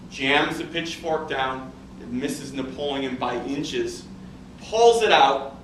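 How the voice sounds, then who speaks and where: A middle-aged man teaching statistics, telling a story in an animated, conversational way. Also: fairly high pitch, slight background noise. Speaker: statistics instructor. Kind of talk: classroom lecture with storytelling. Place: classroom. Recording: echoey classroom, distant mic, faint ambience.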